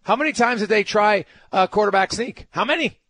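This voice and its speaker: Husky-voiced man ranting on sports radio. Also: high voice, a little fast, fairly bright tone. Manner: emphatic, ranting, rhetorical questions. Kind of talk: opinionated sports talk radio.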